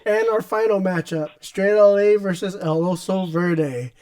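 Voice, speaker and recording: A man's voice: high voice, unhurried, darkish tone, dry recording. A man co-hosting a casual fantasy league chat, easygoing and laughing as he runs through results.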